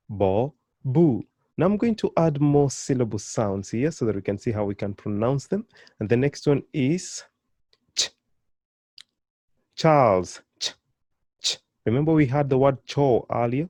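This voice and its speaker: Male language teacher, slow and mellow, patiently drills syllables and encourages learners. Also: medium pitch, animated, no room sound. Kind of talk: beginner pronunciation lesson.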